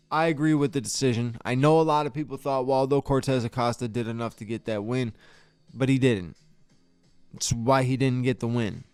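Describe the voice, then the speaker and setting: With a smooth, medium-pitched voice and no room sound, a man in a podcast studio hosts his show and offers a casual fight review. He gets exasperated and swears, stammering and restarting as he goes.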